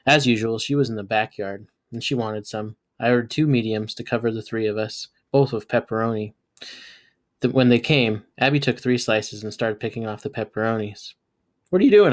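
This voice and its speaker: A man, a teacher, reading a novel aloud and bringing the dialogue to life with sudden jumps in pitch and loudness. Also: normal speed. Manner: lively, voices characters with jumps in pitch and loudness. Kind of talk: read-aloud storytelling.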